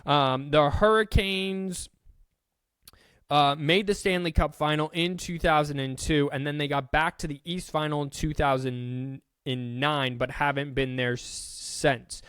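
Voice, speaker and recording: A man talks through the day's sports news on his own podcast in a casual, joking way, tripping over the odd name. His voice sits a little high and comes across smooth and clean. The close mic leaves it dry, with no room sound. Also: fairly even intonation, unhurried, fairly bright tone, dry recording. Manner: chatty, self-deprecating, with restarts and stumbles over names. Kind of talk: casual solo sports rundown.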